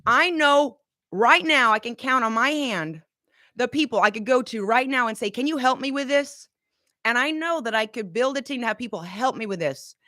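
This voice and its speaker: A woman in her forties giving an energetic motivational pep talk as coach and host, urging listeners to repeat affirmations after her. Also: on the high side, moderate pace, no echo, studio quality. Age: 40s. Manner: energetic, exhorting, call-and-response.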